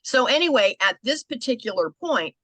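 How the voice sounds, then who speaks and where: An older American woman coaching a group on business pitches, conversational and animated. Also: moderate pace, no echo. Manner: conversational, animated, acts out quoted people.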